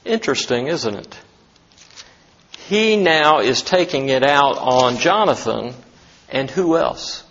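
A man's voice: medium pitch, lively intonation, slow pace, fairly bright tone, highs cut off. A man preaching an expository sermon as a pastor, talking emphatically and asking many rhetorical questions.

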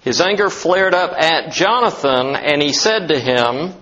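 A man's voice: fairly high pitch, expressive, a little slow, few pauses, sharp tone, highs cut off. A man preaching an expository sermon as a pastor, talking emphatically and asking many rhetorical questions.

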